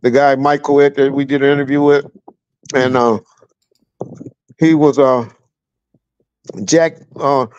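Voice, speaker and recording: A man's voice: mid-range voice, level tone, unhurried, long pauses, darkish tone, clean tone, lo-fi sound. A middle-aged man from Southern California, a guest telling blunt, profane stories about his police years in a casual livestream chat, chuckling as he goes. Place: at home with a fan running.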